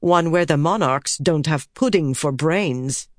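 A woman's voice: deep voice, measured pace, no echo, studio quality. Woman doing a blunt, snappish archer. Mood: scolding. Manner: snappish, scolding. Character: blunt sharp-tongued female archer.

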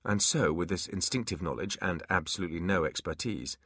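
A man narrating a fantasy audiobook in an expressive storytelling manner. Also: low voice, a little fast, no room sound, clean studio sound.

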